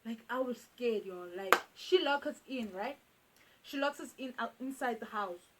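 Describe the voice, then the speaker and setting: A young South African woman telling a casual storytime, animated and repeating phrases for emphasis. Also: fairly high pitch, moderate pace. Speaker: YouTuber.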